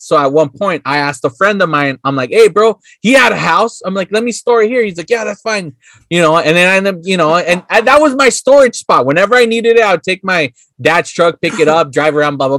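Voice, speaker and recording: Chill podcast host guy, a bit high voice, super dry close sound, laughs a lot. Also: a little fast, dry recording. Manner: relaxed storyteller, swears casually, laughs often. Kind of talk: casual chat.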